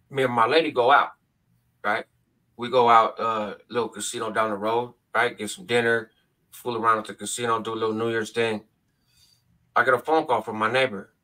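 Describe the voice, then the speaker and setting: Bright-voiced man telling a story. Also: recorded from a distance. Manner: animated, acts out voices in a high pitch. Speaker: podcast guest. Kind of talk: casual storytelling. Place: home in Nevada.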